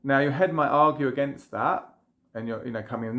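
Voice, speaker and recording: A man, a trauma healing practitioner, calmly guiding viewers through a tapping exercise with gentle, repeated phrases. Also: mid-range voice, fairly quick. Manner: gentle, repetitive guided phrases. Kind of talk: guided tapping demonstration.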